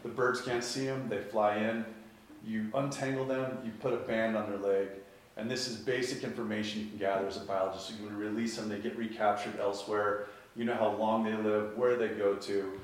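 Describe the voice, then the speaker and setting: A man telling a personal story in a lively way, often laughing at his own tale. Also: fairly low pitch, a little fast. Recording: echoey room from far off.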